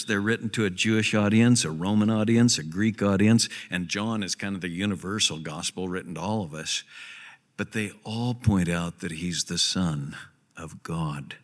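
A man's voice: medium pitch, a bit bright. Pastor guy preaching, punches and repeats his points, long church reverb. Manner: emphatic, repeats key phrases for stress. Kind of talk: sermon. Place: church sanctuary.

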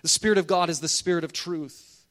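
A man's voice: fairly high pitch, fairly even intonation, a little fast, a bit bright. A man preaching a sermon as pastor, earnest and emphatic, calling on the congregation to repeat after him.

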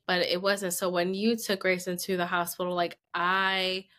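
A woman's voice: fairly low pitch, normal speed. A woman co-hosting a parenting podcast, telling a family story in casual chat, rambling and full of "like", acting out what people said. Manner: animated, rambling, heavy use of "like", acts out quoted speech. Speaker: podcast co-host, mother.

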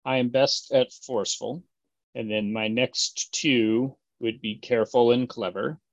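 A man's voice: medium pitch, fairly even intonation, unhurried, no echo, dull audio. A man playing in a tabletop game, answering in a plain, matter-of-fact way. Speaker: player.

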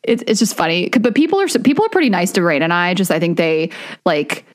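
A woman's voice: lowish voice, animated, quick pace. Chatty young woman, casual podcast guest. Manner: chatty, many fillers like "like", restarts. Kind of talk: casual chat.

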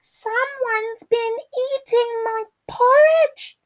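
A woman's voice: extremely slow, full character voice. A woman voicing a tiny baby bear cub in a children's storybook, crying and whining. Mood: wailing. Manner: crying, squeaky and whiny.

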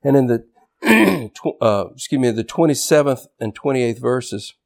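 An older man, a pastor, preaching a sermon in a church, animated and shouting at times for emphasis. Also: medium pitch, a little slow, vocal fry.

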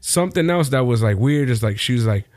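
A young man co-hosting a podcast, talking in loose, profane, joking banter. His voice sits at a middle pitch. The sound is dry, with no room echo. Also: animated, quick pace, darkish tone. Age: young adult. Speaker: podcast co-host. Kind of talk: casual chat.

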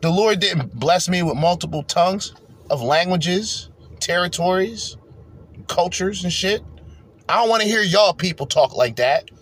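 A man hosts a podcast, reacting to clips with a profane, rambling rant. His voice sits somewhat high and leaps around in pitch, with loud bursts. A faint room ambience hums behind him. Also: expressive, unhurried, a little hiss or hum.

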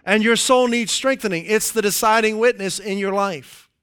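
A man preaching with a high, smooth, resonant voice. He leans hard on key phrases, repeats them, and slows right down when reading scripture. Between readings he drops in playful asides and chuckles at his own jokes. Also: fairly bright tone. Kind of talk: sermon.

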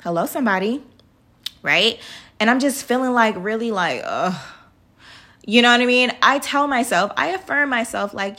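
A woman in her thirties with a slightly high voice hosts a podcast and gives a casual, motivational talk. She is chatty, laughs often and speaks straight to her listeners as y'all. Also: lively intonation, moderate pace, sharp tone. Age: 30s. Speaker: podcast host.

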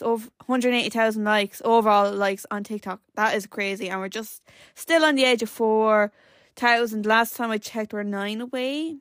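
A woman's voice: on the high side, no room sound, clean studio sound. Chatty Irish teen woman podcaster. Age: late teens. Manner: rambling storyteller, many "like" fillers. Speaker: podcast host. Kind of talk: casual chat.

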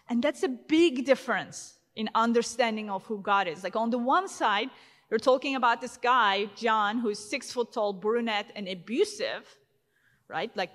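A woman in her thirties gives a conference talk in a large conference hall, her fairly high, slightly bright voice carrying long hall reverb. Her delivery is casual and conversational, full of fillers and restarts.

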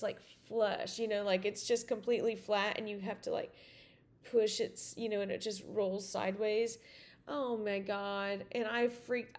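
A woman with a mid-range, slightly mellow voice hosts a podcast, telling a story in a casual, rambling way. She's chatty, packs her speech with "like" and "you know," and restarts often.

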